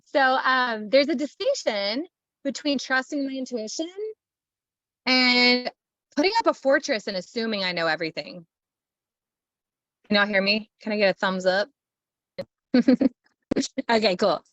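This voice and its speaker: A woman's voice: fairly high pitch, a little slow, long pauses, fairly bright tone, no echo, lo-fi sound. A woman hosting a live stream as a leadership coach, talking in a bubbly, enthusiastic, playful way. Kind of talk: casual motivational live talk.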